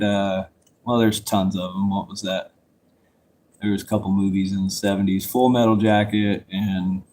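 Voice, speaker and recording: This vlogger's voice is fairly low and a little mellow, with slight background noise as he tells his life story. He rambles casually, swears freely, and keeps looping back on himself in a loose, conversational way.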